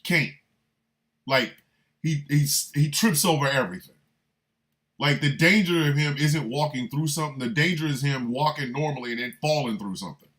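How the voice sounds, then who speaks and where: A man hosting a livestreamed radio talk show, riffing in a loose comic way and shouting out listeners by city. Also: a little high, normal speed. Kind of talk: livestreamed political comedy talk.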